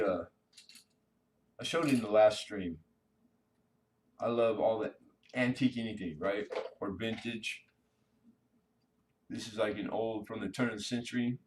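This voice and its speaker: A man with a low-pitched voice, talking loosely and slangily to his live-stream viewers while showing off coins and collectibles. He sits a little away from the microphone, so the voice sounds somewhat distant. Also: darkish tone, a little hiss or hum. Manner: laid-back and slangy, chatting to viewers. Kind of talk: casual live-stream chat.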